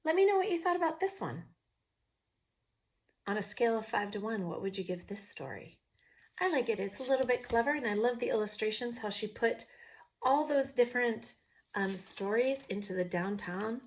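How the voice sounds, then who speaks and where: Woman reading a picture book aloud. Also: medium pitch. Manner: pauses to ask the viewer questions.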